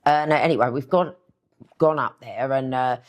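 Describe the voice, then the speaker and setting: A woman's voice: rumbling low, normal speed. A middle-aged woman with an East London accent, telling stories bluntly and chattily in a casual interview, swearing freely. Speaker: guest author.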